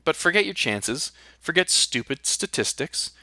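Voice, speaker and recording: A man's voice: on the high side, sing-song, unhurried, sharp tone, dry recording, studio quality. A man hosting a podcast, delivering a fired-up, blunt and sarcastic solo monologue. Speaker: podcast host and retirement planner.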